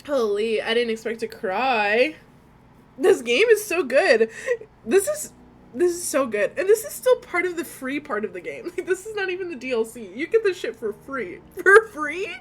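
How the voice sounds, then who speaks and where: Young woman streamer, fairly high voice, gushing, expressive reactions, casual swearing. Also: moderate pace. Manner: emotional, expressive, swears and laughs often. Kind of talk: reading a visual novel aloud with reactions.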